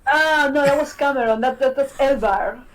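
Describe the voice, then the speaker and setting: A woman's voice: high voice, normal speed, low-quality recording. A woman hosting a podcast, chatting casually and animatedly, swearing and laughing often. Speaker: podcast host, game developer. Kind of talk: casual chat.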